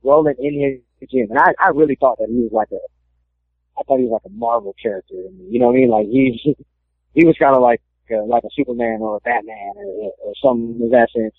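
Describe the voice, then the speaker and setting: Animated young man on a phone line. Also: mid-range voice, fairly quick, creaky, dry recording. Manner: animated storyteller, acts out quotes. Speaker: MMA fighter interviewee. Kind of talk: casual phone interview, storytelling.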